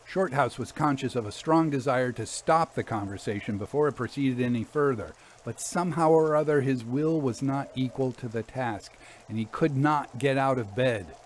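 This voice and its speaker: A man reading a classic eerie tale aloud as a measured, scripted narration. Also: medium pitch, slight background noise. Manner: measured storytelling.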